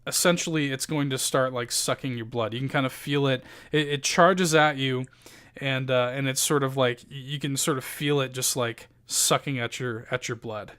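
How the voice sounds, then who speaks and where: This man is game master of a tabletop game. He narrates in a loose, rambling way, with many fillers and restarts and casual swearing. His voice sits at an ordinary middle pitch. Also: steady tone, normal speed, a bit bright, smooth.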